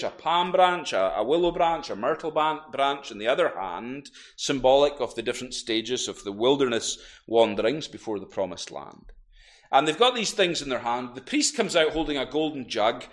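A man preaching a sermon, telling a story vividly and building to loud, emphatic peaks. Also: on the high side.

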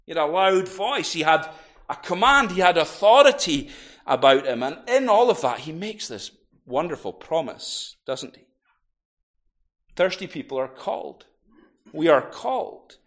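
A man's voice: on the high side, big pitch swings, a little slow. Man preaching a vivid sermon. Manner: vivid storytelling, building to loud emphatic peaks.

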